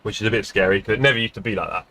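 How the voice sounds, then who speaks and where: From his home gaming room, a middle-aged man streams sim racing and chats with viewers through a desk streaming mic, rambling and poking fun at himself. His lowish voice is gravelly and sharp, and he talks very fast.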